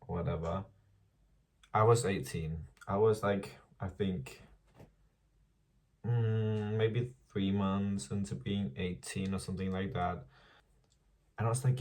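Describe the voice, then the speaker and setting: Frank, low-voiced young man vlogging. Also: fairly even intonation, slow pace, long pauses, a little mellow, recorded from a distance. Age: around 20. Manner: frank and chatty, swears freely, laughs often. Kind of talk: casual confessional diary vlog.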